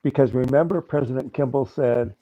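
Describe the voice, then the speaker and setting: A man on a panel podcast, talking in a halting way and repeating words as he starts. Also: medium pitch, no echo. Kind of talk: casual panel chat. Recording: dull lo-fi audio.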